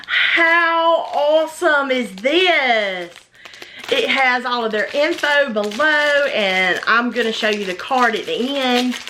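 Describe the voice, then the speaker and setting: Woman vlogger, high and lively, slow gushing delivery, bright tone, faint background noise. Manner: gushing, gasping with delight. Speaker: vlogger unboxing a gift box. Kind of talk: casual unboxing vlog.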